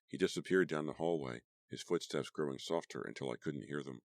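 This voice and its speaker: A man with an extremely deep voice reads a horror audiobook in a dramatic, measured way. The sound is dry and close, with almost no room. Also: darkish tone, no room sound. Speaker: audiobook narrator. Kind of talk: scripted horror audiobook narration.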